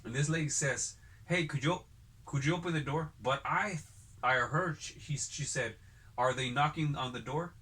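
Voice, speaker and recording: A man's voice: medium pitch, normal speed, bright, forceful tone. A man hosting a casual podcast chat, telling long rambling stories full of cursing. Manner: rambling profane storyteller.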